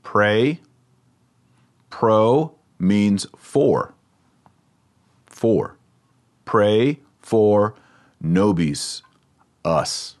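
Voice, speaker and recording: A man teaching the Latin words of a Catholic prayer in a casual spoken lesson, patiently repeating words slowly to drill their pronunciation. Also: fairly low pitch.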